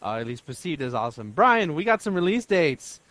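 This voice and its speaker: A man co-hosting a podcast, talking in an excitable, argumentative way. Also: fairly high pitch, brisk, slight background noise. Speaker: podcast co-host. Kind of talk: casual chat.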